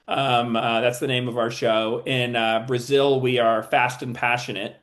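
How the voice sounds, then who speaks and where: A man's voice: medium pitch, level tone, unhurried, a bit bright. A man being interviewed as a TV writer and producer, talking casually and often stopping and restarting while he thinks.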